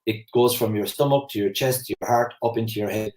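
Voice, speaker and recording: A man's voice: fairly low pitch, fairly quick, darkish tone, reverberant, poor audio. A man in his forties with an Irish Kerry accent, giving a rambling, anecdotal personal development talk. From Ireland. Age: 40s. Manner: rambling, anecdotal, conversational with fillers. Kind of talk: casual spoken talk.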